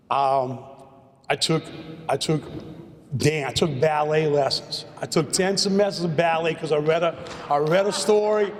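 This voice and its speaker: A man, giving a rambling acceptance speech at a podium and often repeating his words. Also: high-pitched. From Louisiana, USA. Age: late 50s. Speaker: hall of fame inductee. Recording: long hall reverb.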